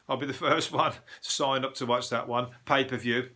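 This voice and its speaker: A man's voice: medium pitch, steady tone, moderate pace, sharp tone. A man hosting a comedy news podcast, rambling profanely and chuckling through his stories. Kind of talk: casual comedic news monologue.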